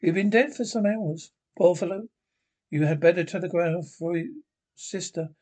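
A man reading an arrogant brisk doctor. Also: sits high, a little mellow. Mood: clinical. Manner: matter-of-fact, clinical. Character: arrogant, brisk middle-aged male doctor.

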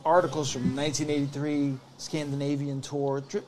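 This man's voice sits a little high and moves at a normal speed, with slight noise in the background. Appearing as a podcast guest, he rambles through a long, casual tale, animatedly performing other people's lines.

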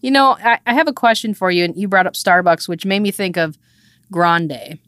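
A woman's voice: on the low side, moderate pace, fairly bright tone, dry recording, clean studio sound. A woman co-hosting a podcast, chatting casually and teasing her friend, often restarting her sentences. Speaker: podcast co-host. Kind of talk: casual chat.

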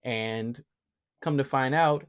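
A young man co-hosting a podcast, telling a story in casual chat, animated and laughing often. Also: mid-range voice, takes it slowly, clean tone. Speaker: podcast co-host.

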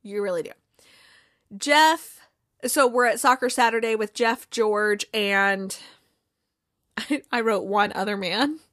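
A young woman casually recapping a TV episode in a chatty, animated way, tossing in swear words and playful quotes. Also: fairly high pitch, slow, long pauses, dry recording, clean studio sound. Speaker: podcast host recapping a TV episode. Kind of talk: casual chat.

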